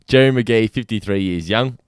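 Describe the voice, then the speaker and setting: A man in casual podcast chat, easygoing and agreeable. His voice is on the lower side. The recording is dry and close. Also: moderate pace, smooth, no echo. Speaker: podcast co-host.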